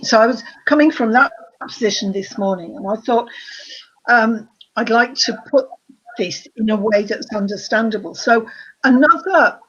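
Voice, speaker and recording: A woman therapist on a panel explaining ideas in a careful, measured way. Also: a little high, a bit bright, husky. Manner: measured, careful, restarts phrases. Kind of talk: thoughtful explanation. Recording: slightly dull lo-fi audio.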